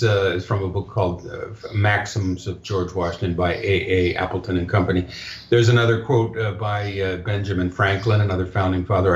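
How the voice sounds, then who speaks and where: A man speaking as a guest in a casual interview, hesitant, with many fillers and restarts. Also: fairly low pitch. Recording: echoey dull lo-fi line.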